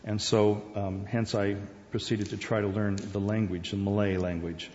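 Man raised in Asia, relaxed rambling talk to a group, long hall reverb, muffled sound. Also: on the low side, moderate pace. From Korea, Borneo and Singapore. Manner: rambling, conversational, with many fillers and restarts. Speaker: speaker. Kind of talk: informal personal talk.

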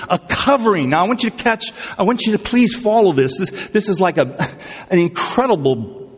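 Pastor preaching in a reverberant hall. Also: male voice, mid-range voice, husky. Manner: conversational, asks the congregation questions, repeats words for emphasis. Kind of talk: sermon.

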